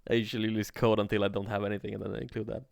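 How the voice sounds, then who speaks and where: Man with a creaky, smooth voice. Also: lowish voice, rapid-fire, no echo, clean studio sound. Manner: relaxed, swears casually, thinks aloud. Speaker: livestreaming programming teacher. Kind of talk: casual live coding tutorial.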